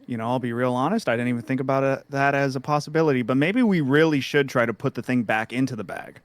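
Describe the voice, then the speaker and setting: A man at a tabletop game table, thinking out loud in rambling stretches. His mid-range voice sounds dry and close to the mic. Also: medium pitch, fast talker, no room sound. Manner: rambling, talking himself through ideas. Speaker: player.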